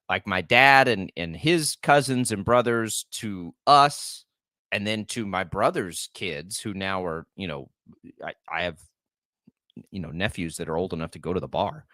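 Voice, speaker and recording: A man in his forties co-hosts a sports radio show in a studio. His low voice rises and falls a lot, and he talks in a heartfelt, rambling way, often restarting his sentences. The sound is dry and close on the microphone. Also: bright, forceful tone, dry recording. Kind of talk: casual sports talk.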